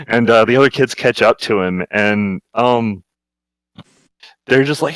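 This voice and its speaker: Low-voiced young game master. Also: male voice, takes it slowly, pauses often, a bit bright, no room sound, rough recording. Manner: rambling, many fillers and restarts. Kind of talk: narrating a tabletop game.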